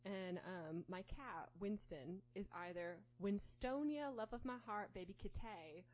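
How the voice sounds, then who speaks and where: A woman's voice: mid-range voice, measured pace, darkish tone, rough recording. A woman co-hosting a casual chat, talking playfully with lots of laughter and filler words.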